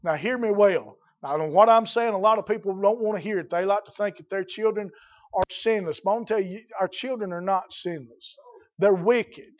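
A man preaching a folksy, blunt sermon that builds to shouting. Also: high voice, normal speed, muffled recording.

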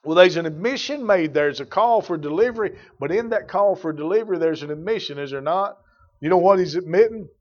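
Older male preacher, folksy and emphatic, a bit high-pitched, on a dull lo-fi recording. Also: a little fast. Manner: folksy storytelling preaching, rising to loud emphatic peaks. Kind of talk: sermon.

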